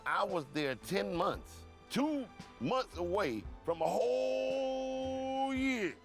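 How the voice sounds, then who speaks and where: A man's voice: high voice, very animated, slow, creaky, faint music behind. A man from Cleveland telling his story in an interview, profane and acting out the dialogue, repeating words in bursts. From Cleveland, USA.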